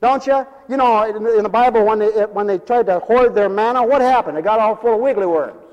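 A man's voice: high voice, brisk, in a large hall, dull audio. A man preaching a humorous revival sermon in a church, folksy and joking, calling for amens from the congregation.

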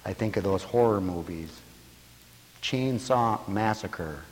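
A man's voice: lowish voice, slow pace, a little mellow, long reverb tail. A man preaching a sermon to a radio audience, telling stories and acting out the voices of people in them.

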